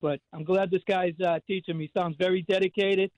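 Man, 50s, thick Boston accent, rambling call-in chat, high voice, lo-fi sound. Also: fairly even intonation, fairly quick, darkish tone, dry recording. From Boston area. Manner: rambling storyteller, lots of fillers and restarts. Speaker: regular call-in guest. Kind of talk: casual radio chat.

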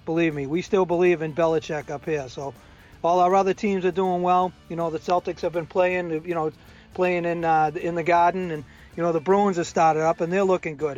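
An older man with a Boston accent gives a chatty weekly update as a contributor, with lots of fillers. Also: sits high. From New England. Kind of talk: casual recorded update. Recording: dull lo-fi sound with faint music.

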